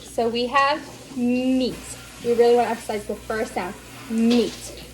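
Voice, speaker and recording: A woman teaching as a speech therapy instructor, slowly over-enunciating the sounds she models. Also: on the high side, steady tone, poor audio. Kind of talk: instructional demonstration.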